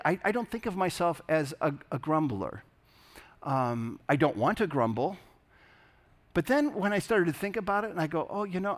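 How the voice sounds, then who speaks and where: A man giving a sermon as a pastor, animated and conversational, acting out voices as he preaches. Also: mid-range voice. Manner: animated, acts out grumbling voices.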